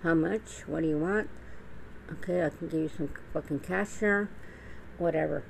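A woman's voice: deep voice, normal speed, creaky, slight background noise, low-quality recording. A middle-aged woman talking straight to camera in a blunt, profane, rambling monologue full of restarts. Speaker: vlogger. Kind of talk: casual monologue.

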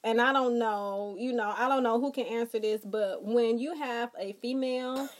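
Sassy high-voiced woman streaming. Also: moderate pace. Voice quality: loud, sassy, exclamatory. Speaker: co-host of a live stream. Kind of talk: casual live-stream chat.

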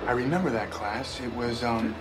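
A man's voice: mid-range voice, moderate pace, natural voice. A man playing a smug pretentious grad student. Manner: condescending, showy academic wording. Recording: film audio with music underneath.

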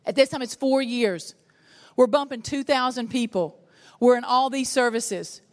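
A middle-aged woman, preaching a sermon and telling a personal story with animated, self-mocking humor. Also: fairly high pitch, unhurried, big-room sound. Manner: animated storytelling, laughs at herself. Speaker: pastor's wife and preacher.

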